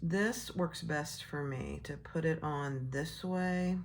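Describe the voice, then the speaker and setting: Woman, low voice, easygoing sewing tutorial host, a slow chatty walkthrough. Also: slight background noise. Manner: relaxed, chatty, thinking aloud while working. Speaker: sewing instructor.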